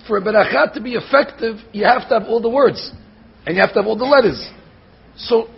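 A man giving a Torah class as a rabbi, animated, slowly sounding out words to show how they should be said. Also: high voice, vocal fry, husky. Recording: dull lo-fi recording.

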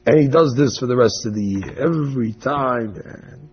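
A man preaching through an animated, dramatic parable in a raspy voice. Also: mid-range voice, normal speed, highs cut off. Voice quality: raspy, gravelly. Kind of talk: storytelling sermon.

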